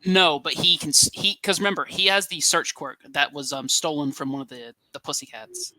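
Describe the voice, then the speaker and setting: A man co-hosting a casual podcast, talking hesitantly with many pauses and restarts. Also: on the high side, fairly even intonation, sharp tone, no echo. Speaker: podcast co-host. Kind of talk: casual chat.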